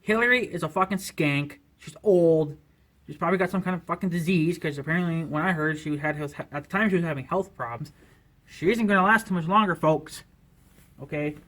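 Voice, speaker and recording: A man's voice: on the high side, a bit bright. A man vlogging an angry political rant to camera, swearing constantly, talking in a heated way and leaning on "you know" as filler.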